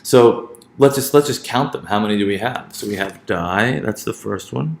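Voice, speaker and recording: A man's voice: lowish voice, normal speed, creaky, a little mellow, roomy sound. A man teaching a lesson on word stress, hesitant, often repeating words and checking in with "right?".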